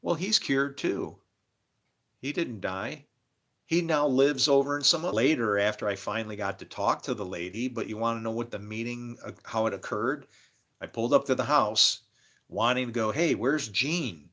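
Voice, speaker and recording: A man giving a rambling spiritual monologue, an animated storyteller. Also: mid-range voice, normal speed. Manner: animated storyteller, acts out quoted voices.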